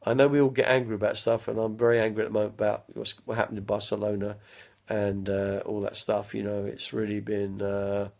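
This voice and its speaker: A man's voice: lowish voice, flat delivery, a little fast, gravelly, darkish tone. A man, chatting live from home to his viewers, drifting from one anecdote to the next. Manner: chatty, drifting between anecdotes, bursts into impressions and song. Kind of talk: rambling live-stream chat.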